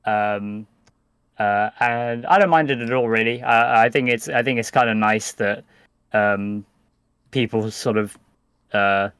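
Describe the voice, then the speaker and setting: A man's voice: on the low side, unhurried, a bit bright, smooth, no room sound. A British man, a podcast guest, chatting hesitantly with many fillers and restarts. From United Kingdom. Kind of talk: casual podcast chat.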